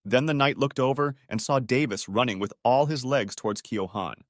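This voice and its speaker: Male narrator, mid pitch, dry close-mic read, steady scripted comic recap. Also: no echo. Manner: even, steady reading in reported speech.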